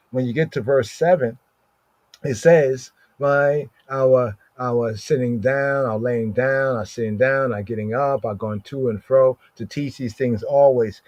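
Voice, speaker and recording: A man's voice: medium pitch, a little mellow, dry recording. A man teaching scripture verse by verse, repeating Hebrew words again and again and often asking "right?". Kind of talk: slow verse-by-verse scripture study. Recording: slightly dull lo-fi recording.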